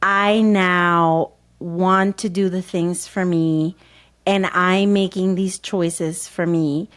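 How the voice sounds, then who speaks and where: A woman hosting a podcast interview, chatty and quick to chime in with jokes and agreement. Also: fairly low pitch, fairly even intonation. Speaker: podcast host. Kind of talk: casual interview conversation.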